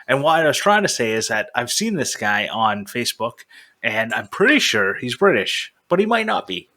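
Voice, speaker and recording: A man's voice: mid-range voice, big pitch swings, moderate pace, bright, forceful tone. A man co-hosting a casual podcast, joking and rambling, often restarting his sentences. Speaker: podcast co-host.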